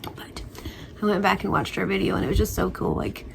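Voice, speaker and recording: Chatty woman with a gravelly voice. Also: mid-range voice, big pitch swings, a little fast, whispered. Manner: chatty and rambling, with playful spooky asides. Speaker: crochet vlogger. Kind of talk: casual chat. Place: at home.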